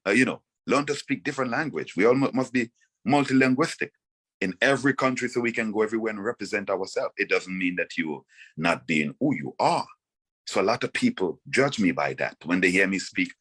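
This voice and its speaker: A Vincentian man with a very low, deep voice. He speaks with force and conviction, stacking up rhetorical questions as an interview guest. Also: a little fast, fairly bright tone, husky. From Saint Vincent and the Grenadines. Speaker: reggae artist guest. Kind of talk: passionate interview talk.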